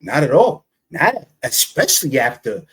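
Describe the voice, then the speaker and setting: A male host giving sarcastic, skeptical commentary in a teasing, drawn-out way. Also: medium pitch, wildly swooping pitch, a bit bright.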